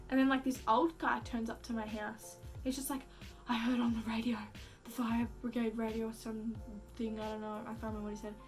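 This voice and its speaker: A woman's voice: fairly high pitch, flat delivery, fast talker, hardly any pauses, faint music behind. A young woman telling a story casually, full of "like" fillers and acted-out quotes, with casual swearing. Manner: chatty, heavy use of "like" fillers. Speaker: vlogger.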